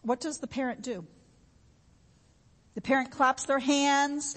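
A woman's voice: high voice, a little slow, long pauses, a bit bright, long reverb tail. A woman preaching a sermon in an earnest, repetitive way, with homey everyday examples.

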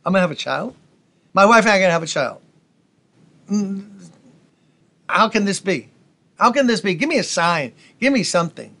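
A startled old priest, as a preacher acts him out, blurting rapid, disbelieving questions. The voice sits high. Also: male voice, expressive, sharp tone, full character voice.

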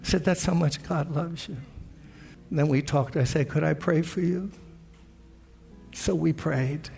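An older male pastor preaching with earnest storytelling, acting out the prayers and conversations he recounts. His voice is gravelly and sits somewhat high for a man. It carries a long reverb from a large church hall. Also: unhurried, a little mellow, soft background music. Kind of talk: sermon.

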